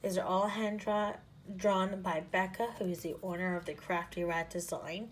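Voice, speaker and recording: A woman showing planner stickers in a casual haul, gushing and often dropping into soft half-whispers. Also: fairly low pitch, steady tone, normal speed, a little hiss or hum. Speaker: planner sticker shop owner and vlogger. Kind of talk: casual haul show-and-tell.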